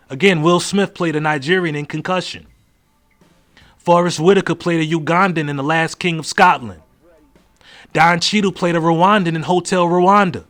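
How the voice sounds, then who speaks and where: A man's voice: a little high, a bit bright. A man hosting his own podcast in a blunt, profane solo monologue full of rhetorical questions. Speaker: podcast host.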